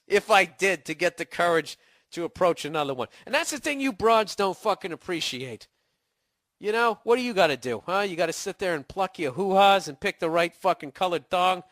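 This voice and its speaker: Boston guy ranting on his podcast, sarcastic and cussing a lot, bright pushy voice, dry close sound. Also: high voice, dry recording. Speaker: podcast host. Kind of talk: rambling comedic podcast monologue.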